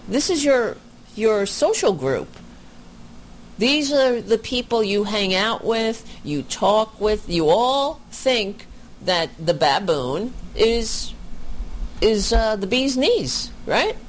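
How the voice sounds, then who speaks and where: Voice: mid-range voice, big pitch swings, takes it slowly, a little hiss or hum. A commentator reacting to a clip with indignant, sarcastic remarks.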